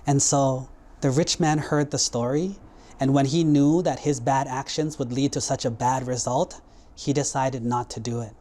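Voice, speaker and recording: A man's voice: medium pitch, moderate pace. A man, a Buddhist monk, telling a moral story in a sermon with plain, simple words. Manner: simple plain words, lively acted quotes.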